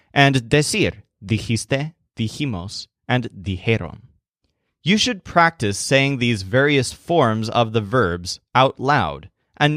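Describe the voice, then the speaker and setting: Male teacher narrator, lively intonation, unhurried scripted delivery. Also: mid-range voice, dry recording, studio quality. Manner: slow, deliberate storytelling. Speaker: language teacher.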